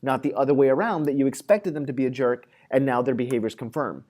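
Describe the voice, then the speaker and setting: A psychology lecturer with a medium-pitched, darkish voice talks fast in a classroom lecture. He keeps it conversational, full of fillers, and acts out everyday scenarios in quoted voices.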